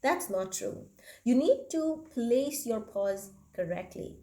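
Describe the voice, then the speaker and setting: A woman gives a public speaking lesson, her voice mellow and warm. Along the way she swings her pitch up and down to show each point. The sound carries an echo from the room. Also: expressive, slow pace. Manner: demonstrates pitch and inflection changes as she explains. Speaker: speaking coach. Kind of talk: instructional talk to camera. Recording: echoey room.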